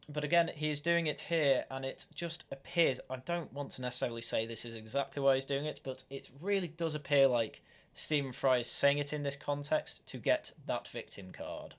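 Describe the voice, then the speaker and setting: A man hosting a reaction commentary, speaking in a critical, argumentative way with frequent restarts. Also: medium pitch. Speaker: commentary channel host.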